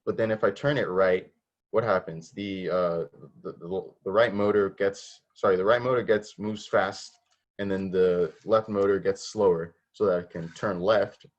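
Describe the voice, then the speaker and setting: A man's voice: low-pitched, fairly even intonation, normal speed, lo-fi sound. A man teaching a robotics class online, explaining step by step, asking students questions and often restarting his sentences. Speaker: robotics instructor. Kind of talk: online coding lesson.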